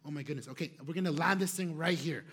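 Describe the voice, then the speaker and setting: A young male pastor telling a story in a sermon, animated and laughing, with many fillers. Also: on the high side, quick pace, husky.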